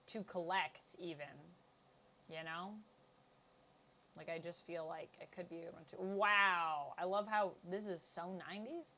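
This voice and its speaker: A woman hosting a casual chat, chatty and excitable, laughing easily. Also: mid-range voice, normal speed. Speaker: host.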